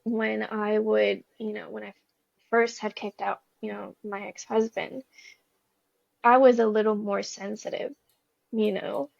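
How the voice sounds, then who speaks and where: A woman's voice: fairly high pitch, fairly even intonation, unhurried, gravelly, no room sound. A young woman talking as a guest, sharing a personal story in an earnest, rambling way. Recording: slightly dull recording.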